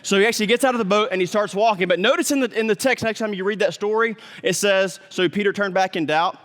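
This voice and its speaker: A man's voice: high voice, fast, a bit bright, in a large hall. A man preaching a sermon as pastor, in a conversational way, sometimes acting out the people in the story. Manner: conversational preaching, acts out voices.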